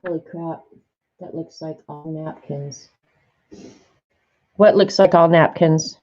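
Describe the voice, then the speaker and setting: A woman's voice: low-pitched, fairly even intonation, slow. An older woman vlogging in a casual, rambling way while she looks through old art journal pages. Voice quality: chatty, rambling, warm-hearted reminiscing. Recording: slightly dull lo-fi sound.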